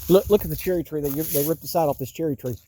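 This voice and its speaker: A man's voice: a little high, fast talker, mellow, slight background noise. A man in his fifties walking outdoors through his wooded yard, talking in an agitated, exasperated rant that repeats itself. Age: 50s. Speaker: vlogger. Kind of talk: walking-tour vlog rant.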